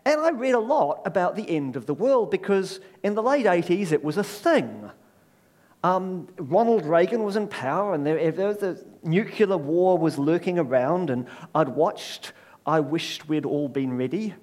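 Middle-aged New man, preacher; lively sermon delivery, voice slightly on the high side, wry asides. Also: a little slow. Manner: animated storyteller with wry self-deprecating asides.

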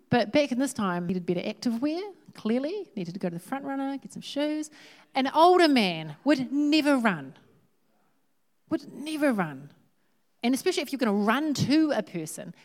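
A woman who preaches a sermon in a lively, humorous, conversational way. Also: on the high side.

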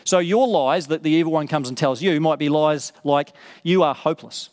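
A man's voice: on the high side, normal speed, darkish tone, big-room sound. A man preaching a sermon in an earnest way, stressing points by repeating words. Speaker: pastor.

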